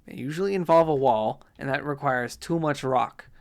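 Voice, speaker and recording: Man, game commentary, gravelly low fry, chatty self-talk, playful fake indignation. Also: moderate pace. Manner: rambling self-talk, mock outrage. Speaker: gameplay commentator.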